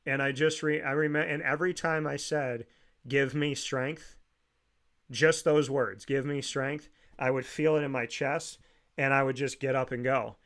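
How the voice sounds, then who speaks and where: Speaking casually and earnestly, a male podcast host shares a heartfelt personal story with his guest in a smooth, clear, middle-pitched voice that stays steady and fairly bright. He pauses and restarts as he reflects.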